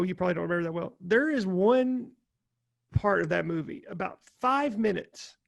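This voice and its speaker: Casting: excitable podcast co-host, high voice with gravelly fry. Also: male voice. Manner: excitable, rambling storyteller. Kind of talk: casual chat.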